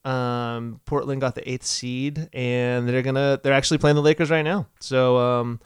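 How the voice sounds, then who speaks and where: A man's voice: medium pitch, fairly even intonation, moderate pace, clear, resonant tone, dry recording, studio quality. A young man co-hosting a podcast, chatting casually about sports in laid-back slang with swearing. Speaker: podcast co-host.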